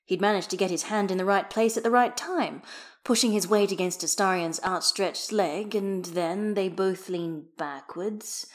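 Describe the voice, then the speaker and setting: A woman reading fan fiction aloud as narrator, in a lively, expressive manner. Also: mid-range voice, normal speed. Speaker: audiobook reader.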